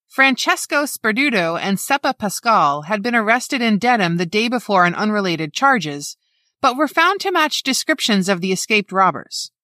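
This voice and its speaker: Bright, lively woman narrating true crime. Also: medium pitch, dry recording, clean studio sound. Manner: measured, reads dates and figures precisely.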